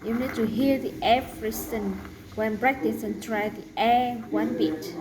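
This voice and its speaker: A woman teaching a pronunciation lesson, saying each example word slowly and carefully. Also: fairly high pitch, background noise. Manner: slow, deliberate, drawn-out example words.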